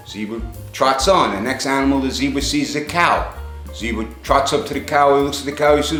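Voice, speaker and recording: A man telling a string of jokes, acting out each character's lines with lively voices. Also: mid-range voice, a little fast, roomy sound, soft background music. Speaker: joke teller.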